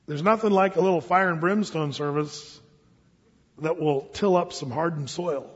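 A man preacher telling a sermon story, dramatic and shifting between hushed and emphatic delivery. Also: fairly high pitch, moderate pace, breathy edge, in a large hall, lo-fi sound.

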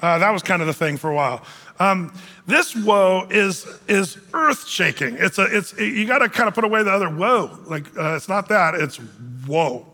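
Bright-voiced man preaching in a reverberant hall. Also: high-pitched, expressive, normal speed. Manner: conversational, joking, many fillers. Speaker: pastor. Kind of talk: verse-by-verse sermon.

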